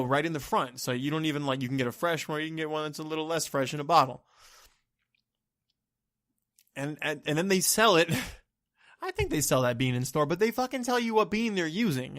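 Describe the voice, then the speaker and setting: Brief: male solo podcaster, fairly high voice, profane exasperated rant, dry close mic. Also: a bit bright, no echo.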